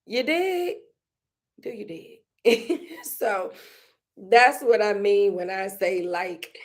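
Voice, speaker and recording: Slow, heartfelt woman talking casually. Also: medium pitch. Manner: conversational, slow, emotional, laughs often, repeats phrases. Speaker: podcast host. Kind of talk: casual reflective monologue.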